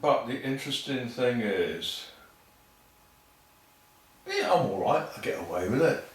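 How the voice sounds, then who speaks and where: A man's voice: mid-range voice, big pitch swings, unhurried. A man telling casual, rambling stories as a podcast guest, swearing freely and acting out other people's lines. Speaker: guest saxophonist. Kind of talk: casual anecdotal storytelling. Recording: echoey room, mic far off.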